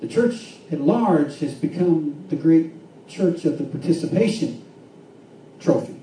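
A man preaching a sermon, swinging between fervent shouts and hushed, quiet stretches. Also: a little high, lively intonation, a little slow, a little hiss or hum. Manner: impassioned preaching with rising shouts and hushed drops. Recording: echoey room from far off with faint ambience.

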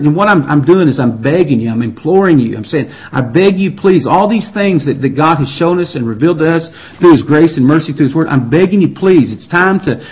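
A man preaching a sermon in an earnest, pleading way, often repeating and restarting his words. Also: fairly high pitch. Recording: dull lo-fi recording.

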